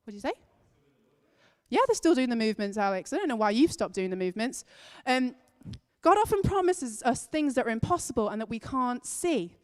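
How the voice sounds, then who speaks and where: A woman with a slightly high voice gives an animated children's talk in church, leaning hard on key words as she tells the story. Her voice rings with the long reverb of a large church hall. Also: a little fast. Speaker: children's and families leader.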